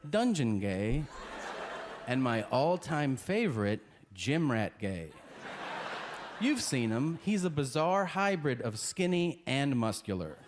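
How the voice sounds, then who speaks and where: Animated man doing stand-up. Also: medium pitch. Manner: storytelling with voices of people he describes. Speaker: stand-up comedian. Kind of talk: stand-up routine. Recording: noisy stand-up clip.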